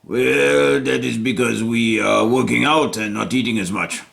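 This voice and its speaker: A man's voice: mid-range voice, a little slow, vocal fry, fairly bright tone. A man voicing a cocky Japanese emperor with a put-on Japanese accent, formal and stilted. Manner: formal, stilted, pleased with himself.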